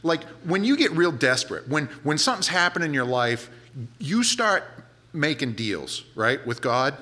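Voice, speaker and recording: A male preacher retells a scripture story in a loose, chatty way, full of asides. His voice is bright and forceful, and his pitch swings widely as he tells the story. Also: moderate pace. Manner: animated, conversational retelling with casual asides. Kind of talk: sermon storytelling.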